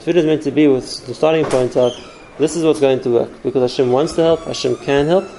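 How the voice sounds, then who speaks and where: A man's voice: mid-range voice, steady tone, quick pace, mellow, slight background noise, low-quality recording. A man giving an earnest spoken Torah class, explaining step by step with numbered points. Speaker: Torah teacher.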